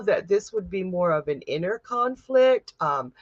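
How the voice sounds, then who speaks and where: A woman working as a psychic medium who gives tarot readings on a livestream and reads viewer comments aloud in a gentle, comforting way. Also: mid-range voice, unhurried, no echo, muffled recording.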